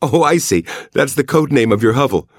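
A man voicing a young woman lover in an audiobook, breathy and pleading, with a raised pitch. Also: lively intonation, fairly quick, no echo, clean studio sound, lightly acted. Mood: breathless tender.

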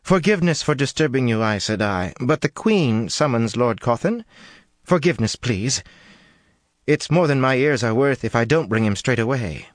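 A man's voice: medium pitch, expressive, normal speed, dry recording, clean studio sound, pitched above the performer's own voice, close to an everyday voice. A man voicing a plump serving woman who speaks hurriedly, apologetically and deferentially. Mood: apologetic.

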